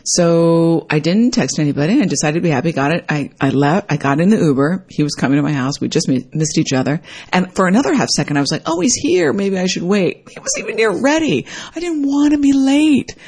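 A woman's voice: a little fast, husky. A woman telling a personal story in a casual, reflective way, acting out what people said with sudden jumps in her voice. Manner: animated, acts out quoted dialogue with big pitch jumps.

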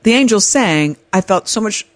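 Animated woman podcast host. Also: medium pitch, moderate pace, dry recording. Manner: candid, animated storytelling. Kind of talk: advice podcast monologue.

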